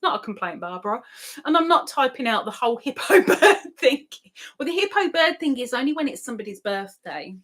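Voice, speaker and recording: A woman's voice: high-pitched, sing-song, a little fast, fairly bright tone. A woman hosting a casual live stream, chatting and reading out viewer comments with frequent laughs. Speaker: livestream host. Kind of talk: casual live-chat talk.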